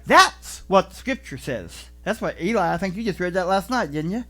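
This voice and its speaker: A man preaching a sermon as pastor in a church, telling stories with animated delivery and acting out voices. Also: high voice, normal speed. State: vertigo, deaf in left ear.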